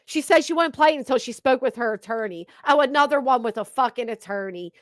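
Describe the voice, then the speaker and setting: High-voiced woman ranting angrily. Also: lively intonation, a little fast, hardly any pauses, dry recording. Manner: profane, ranting, sarcastic. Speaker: commentary channel host. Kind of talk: angry reaction commentary.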